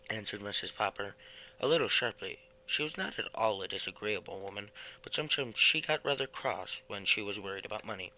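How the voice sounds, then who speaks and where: A man's voice: lowish voice, expressive, fairly quick, sharp tone, a little hiss or hum, poor audio. A man reading a children's book aloud, plainly, with small slips now and then. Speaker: reader.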